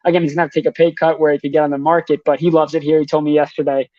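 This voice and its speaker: Young man, hockey reporter, rapid analysis, dry dull remote line. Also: fairly high pitch, little pitch movement, a little mellow, no room sound. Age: young adult. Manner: rapid, rattles off names and numbers.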